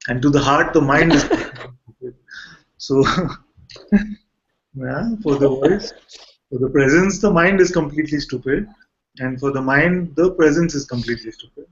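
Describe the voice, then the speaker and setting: A man teaching at a satsang, calm and repetitive, gently explaining. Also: a little high, normal speed, pauses often, dull audio, slight background noise. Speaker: spiritual teacher. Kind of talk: satsang dialogue.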